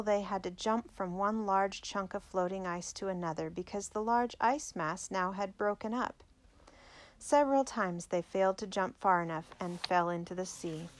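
Measured woman reading a biography aloud. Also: medium pitch. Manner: measured, clear storytelling. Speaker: narrator.

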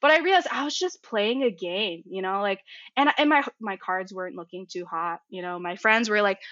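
A young woman in her twenties, a guest telling her story in a casual interview, animated and full of fillers, acting out the dialogue she quotes. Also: fairly quick, no room sound. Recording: muffled low-fidelity audio.

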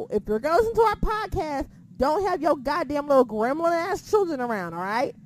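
A woman's voice: sits high, very animated, a little fast, few pauses, a little hiss or hum. A woman co-hosting a casual wrestling podcast, blunt and heavily profane as she rants about the show and her critics. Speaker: podcast co-host.

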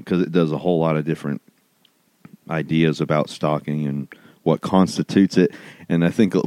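A man's voice: a bass voice, warm tone, dry recording. A man co-hosting a podcast in casual chat, rambling with fillers and laughing often. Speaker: podcast co-host.

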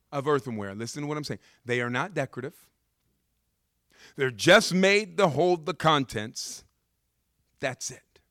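Lively, animated male preacher. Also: medium pitch, no echo, clean studio sound. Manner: animated, humorous storytelling; repeats words for emphasis. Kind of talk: sermon.

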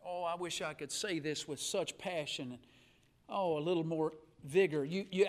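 A middle-aged man preaching a live revival sermon in a church, swinging from hushed asides to shouting, with folksy humor. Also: high-pitched. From Alabama. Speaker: guest pastor. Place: church sanctuary.

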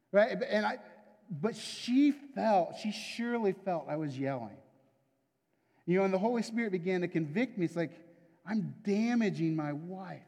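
A man's voice: sits high, expressive, moderate pace, a little mellow. A man preaching a sermon in a conversational, confessional way, often checking in with the listeners. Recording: long hall reverb.

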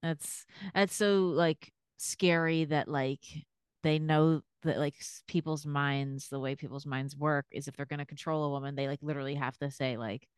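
A woman hosts a casual podcast chat. She talks in a thoughtful, halting way with many fillers. Her voice is very low and smooth, recorded dry and close. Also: steady tone, dry recording.

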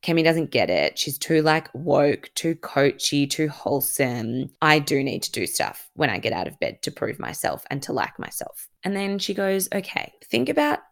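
A young woman hosts her own podcast and tells a personal story with a low, gravelly voice that slips into vocal fry. She talks candidly and casually, with lots of "like", swearing, and acted-out bits of what others said. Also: very animated, normal speed, few pauses. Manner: candid and chatty, full of "like" and reported speech. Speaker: podcast host.

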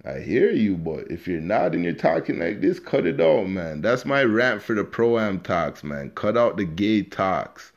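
A man hosts a podcast alone and talks loosely and profanely, straight to his listeners. His voice sits very low. The recording sounds dull and lo-fi, as if made at home. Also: very animated, unhurried, gravelly, hardly any pauses. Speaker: podcast host. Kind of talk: casual unscripted podcast monologue.

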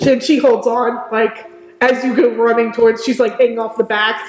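A woman's voice: on the high side, level tone, normal speed, reverberant, rough recording. A woman acting as game master, narrating a tabletop game in an easygoing way, with frequent ums and laughter.

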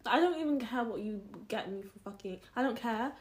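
A young woman co-hosts a casual podcast, her voice pitched a little high. She speaks bluntly and frankly, cutting in with short, decisive remarks. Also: animated, a little fast. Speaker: podcast co-host. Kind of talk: casual chat.

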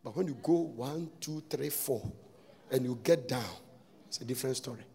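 A man preaching a sermon, breaking into sudden shouts and sing-song lines. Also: mid-range voice, moderate pace, creaky.

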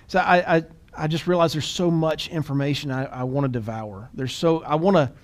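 A man co-hosting a podcast in casual chat, quick and animated, often restarting and repeating words. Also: fairly high pitch. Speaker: podcast co-host.

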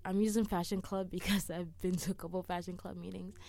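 A woman's voice: lowish voice, little pitch movement, fast, gravelly, mellow. A young woman giving friendly advice in a chatty, rambling way, often laughing and sidetracking herself. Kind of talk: casual talk to camera.

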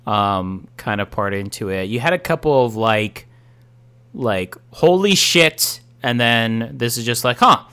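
A young married man co-hosting a podcast, talking with enthusiasm but halting often with ums and restarts. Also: on the low side, fairly bright tone, clear, resonant tone. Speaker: podcast co-host. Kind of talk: casual chat.

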